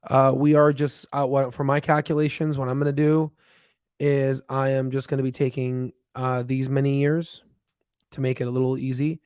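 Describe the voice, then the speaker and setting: A man's voice: medium pitch, flat delivery, moderate pace, darkish tone, clear, resonant tone, no room sound, clean studio sound. A man hosting a casual live stream about stocks, thinking aloud with lots of fillers and restarts as he reads charts. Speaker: stock market livestream host. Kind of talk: casual live chat while reading charts.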